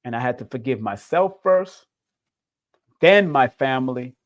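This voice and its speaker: A man's voice: medium pitch, lively intonation, a little slow. Emotional preachy man, livestream host. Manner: preachy, emotional, addresses viewers as family. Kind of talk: spiritual livestream talk.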